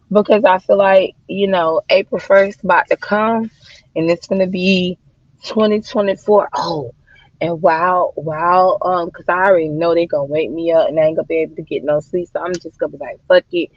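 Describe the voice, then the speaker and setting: A woman's voice: lowish voice, fairly even intonation, normal speed, no echo, highs cut off. Chatty, cussing woman livestreaming to viewers. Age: adult mother of daughters. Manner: chatty, swearing, addressing viewers as y'all and child. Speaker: livestream host. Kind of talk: casual livestream chat.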